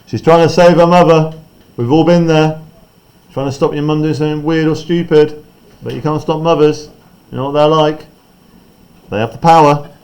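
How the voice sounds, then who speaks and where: A man's voice: fairly high pitch, steady tone, moderate pace, pauses often, a little mellow, smooth. A man teaching a class, explaining a play text in a chatty way and often checking in with "right?".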